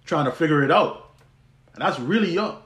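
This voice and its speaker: Young man, podcast host, personal story, chatty and restarting often, slightly high voice. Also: animated, moderate pace, fairly bright tone. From U.S. Virgin Islands. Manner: conversational, many restarts, laughs easily. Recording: roomy echo.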